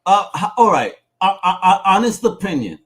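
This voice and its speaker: A man co-hosting a casual podcast chat, brash and excitable, swearing freely and swinging between loud bursts and low mutters. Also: moderate pace. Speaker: podcast co-host.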